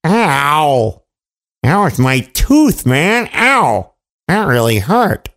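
A man's voice: fairly high pitch, sing-song, normal speed, vocal fry. A man voicing a wailing, yelping storybook king. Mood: yelping pain. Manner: wailing, yelping in pain, dramatic. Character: greedy king in pain and despair, adult man.

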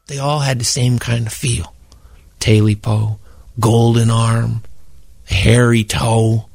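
A man telling a childhood camping story in a relaxed, conversational way, speaking directly to his listeners. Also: mid-range voice, slow pace, gravelly, no room sound. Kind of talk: spoken storytelling.

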